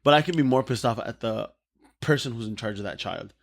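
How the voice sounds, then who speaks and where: A man's voice: mid-range voice, a little fast, vocal fry. A man co-hosting a casual comedy podcast, rambling through stories, cursing freely and laughing often. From Mexican-American. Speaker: podcast co-host.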